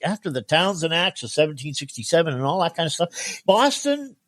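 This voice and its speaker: A man as guest co-host in a casual history podcast chat, animated and chuckling mid-sentence. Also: a little high, quick pace, no room sound, clean studio sound.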